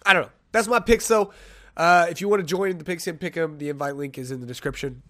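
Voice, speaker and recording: A man hosting a solo sports podcast, chatting casually, rambling and joking at his own expense as he thinks out loud. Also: fairly high pitch, fast talker. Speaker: podcast host.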